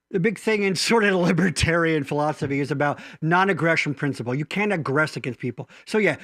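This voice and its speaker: Man, podcast host, casual opinionated chat, profane jokes, high voice, bright tone. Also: no room sound, studio quality. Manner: rambling, stammering restarts, profane jokes.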